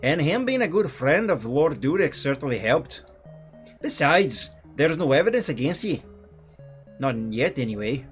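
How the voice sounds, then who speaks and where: A man's voice: a little high, big pitch swings, moderate pace, faint music behind. A man putting on a Scottish accent to voice a chatty, kindly villager. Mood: friendly. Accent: put-on Scottish. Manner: warm, chatty, folksy. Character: kindly villager who fusses over a young witch.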